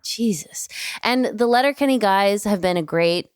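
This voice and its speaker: A woman's voice: medium pitch, normal speed, clean tone, no echo, clean studio sound. A young woman co-hosting a podcast, chatting earnestly and laughing easily. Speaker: podcast co-host. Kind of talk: casual chat.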